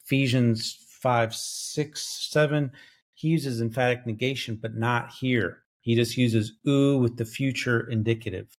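A man's voice: medium pitch, fairly even intonation, measured pace. A man co-hosting a Bible study podcast, lecturing on Greek grammar and thinking aloud with frequent fillers and self-corrections. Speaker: biblical scholar co-host. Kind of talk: academic bible study discussion.

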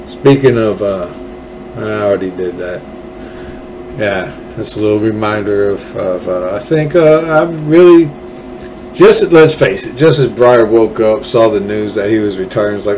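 A man's voice: on the low side, unhurried, background noise. A man hosting a political podcast, ranting angrily with sarcasm and profanity. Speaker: podcast host. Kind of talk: political commentary rant.

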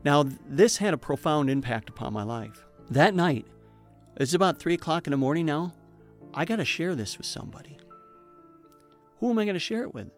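A man's voice: fairly high pitch, expressive, brisk, faint music behind. A man telling his personal testimony in an earnest, emotional way, with preacher-like emphasis. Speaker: speaker giving a personal testimony.

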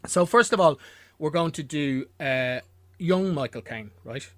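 A man hosting a relaxed film podcast, his voice bright and a touch higher than most men's. He rambles along with restarts and laughs, and the recording is dry and close. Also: measured pace, no room sound. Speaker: podcast host. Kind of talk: casual film podcast chat.

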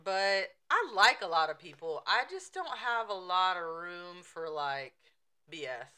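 A woman's voice: lowish voice, measured pace, smooth. A woman co-hosting a casual podcast chat, telling teasing stories. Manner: teasing, animated storyteller. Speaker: podcast co-host.

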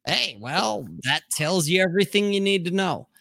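A middle-aged man with a bright, forceful voice tells crude, rambling stories in casual livestream chat. He swears freely and acts out the people he quotes. The sound is dry and close. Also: high-pitched, normal speed, gravelly, no room sound. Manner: crude, animated storytelling. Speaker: podcast host.

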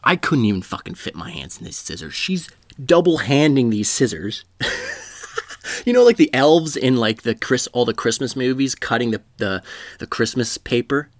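A man's voice: medium pitch, big pitch swings, moderate pace, no room sound, studio quality. A man telling a comedic story in a rambling, profane way, laughing at his own jokes.

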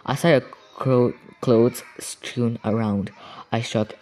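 A young woman co-hosting a podcast, reading scary stories aloud in a halting way and pitching up for the quoted voices. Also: fairly even intonation, mellow. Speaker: podcast co-host.

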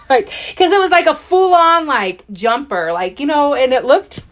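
A middle-aged woman telling a personal story in a chatty, animated way, full of fillers and acted-out quotes. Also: high voice, unhurried, slight background noise. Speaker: podcast guest.

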